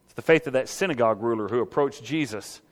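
Animated preacher in a reverberant hall. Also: male voice, mid-range voice, quick pace. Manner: animated, rhetorical questions, acts out the scene. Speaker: pastor. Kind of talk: sermon.

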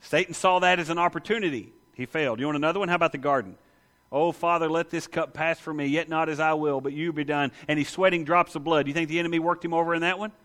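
A man preaching with a bright, forceful tone, pitched a touch above the usual male range. He talks conversationally and emphatically, often putting questions to his listeners. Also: steady tone, fast talker. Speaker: pastor. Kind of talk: sermon.

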